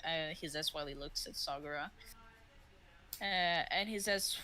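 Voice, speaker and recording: A woman's voice: deep voice, normal speed, long pauses, pushed and bright, rough recording. A woman running a tabletop game as game master, laid-back and swearing often, laughing along with her players. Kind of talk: narrating a tabletop game with crude humor.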